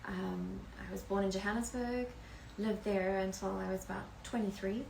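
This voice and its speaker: A woman's voice: medium pitch, steady tone, moderate pace, vocal fry, darkish tone, a little hiss or hum. A woman in her forties with a South African accent, a guest telling her story in a friendly, open way. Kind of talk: casual interview chat. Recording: echoey room.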